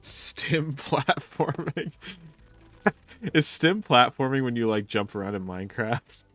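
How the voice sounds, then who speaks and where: While streaming a video game, a man chats casually and profanely, rambling through stories and laughing often. His mid-range voice is a bit bright with lively intonation and a slow pace, and soft music plays in the background.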